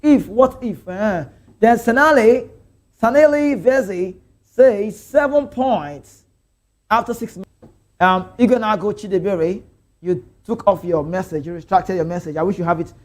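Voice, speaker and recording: A man's voice: high voice, normal speed. A young Nigerian man with a Nigerian accent, hosting a casual football talk stream, chatting and reading out viewer comments, slipping into pidgin. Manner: chatty, animated, drifts into pidgin. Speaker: sports show host.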